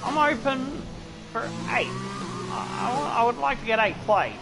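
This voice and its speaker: An Australian man hosting a racing game stream, excitably thinking aloud to his viewers as he drives. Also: very high-pitched, unhurried, creaky. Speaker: gaming channel host. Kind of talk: live gameplay commentary. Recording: loud game music behind voice.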